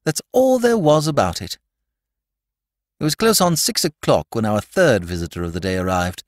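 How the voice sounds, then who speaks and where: A man narrating a comic story in a lively, chatty storytelling manner. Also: mid-range voice, no room sound, studio quality. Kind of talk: audiobook reading of a comic story.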